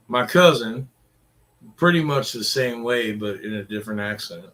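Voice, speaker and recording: A man's voice: on the low side, fairly even intonation, normal speed, sharp tone. A middle-aged man, ranting casually in a crude, profane, rambling way. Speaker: vlogger.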